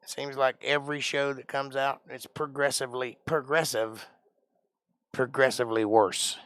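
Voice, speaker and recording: A man's voice: medium pitch, fairly even intonation, normal speed, fairly bright tone, no room sound. A man hosting a casual live stream, joking around in a put-on accent and sounding tired. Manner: joking, puts on an odd made-up accent. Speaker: livestream host.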